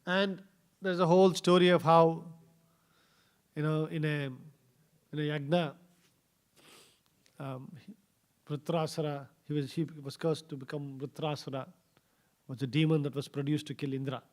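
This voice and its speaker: Man, high voice, scripture class storyteller, halting fillers. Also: level tone. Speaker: scripture speaker. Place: temple hall.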